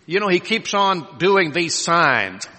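A man's voice: high-pitched, big pitch swings, takes it slowly, bright, forceful tone, exaggerated voice. A man voicing the Pharisees as worried, scheming grown men, recorded in a hall with a long reverb.

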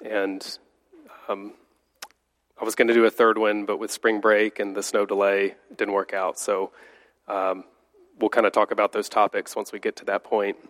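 Guy with a cold teaching bible class, kinda nasal and stuffy, lowish voice, chatty with lots of ums. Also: little pitch movement, moderate pace, fairly bright tone. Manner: conversational, with frequent fillers and restarts. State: congested from a cold. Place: church classroom.

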